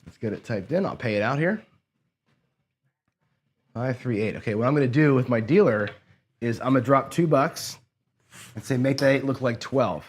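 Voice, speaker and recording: Male host, mid-pitch, casual play-along craps commentary, counts payouts aloud, bursts of excitement. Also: moderate pace, long pauses, breathy edge. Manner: talks to camera while rolling dice, counting payouts aloud; excitable bursts when a roll goes his way.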